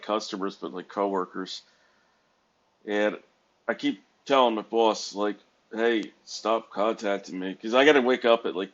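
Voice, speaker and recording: A man's voice: lowish voice, dull audio. A tired man from the United States talking casually in a rambling, self-correcting, wry way from a hotel room. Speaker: vlogger. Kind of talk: casual vlog monologue.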